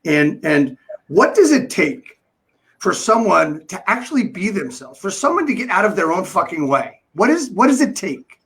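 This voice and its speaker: A man's voice: high-pitched, very animated, normal speed, a bit bright. A man hosting an interview, asking questions eagerly and often stumbling over repeated words. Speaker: podcast host. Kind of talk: interview questions, casual chat.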